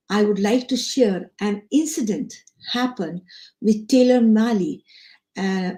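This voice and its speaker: A woman's voice: medium pitch, warm tone. A woman from India giving an earnest live online talk to teachers as a guest trainer, repeating her key lines. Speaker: education trainer, guest speaker.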